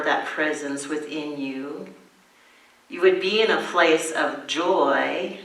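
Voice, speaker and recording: A woman pastor giving a sermon, teaching gently and with emphasis, acting out short prayers as she goes. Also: low-pitched, far from the mic. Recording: echoey room, voice from the mic.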